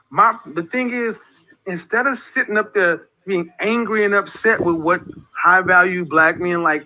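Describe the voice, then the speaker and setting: A man's voice: sits high, sharp tone. A man giving an impassioned, preachy monologue as an online group leader, repeating his points with emphasis. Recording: dull lo-fi audio.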